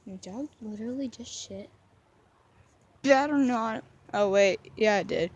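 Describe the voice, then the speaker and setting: A woman's voice: fairly high pitch, a little slow, a little mellow, lo-fi sound. A young woman rambling in a goofy, mock-dramatic way while filming her dog outdoors. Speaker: vlogger. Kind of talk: casual rambling vlog commentary.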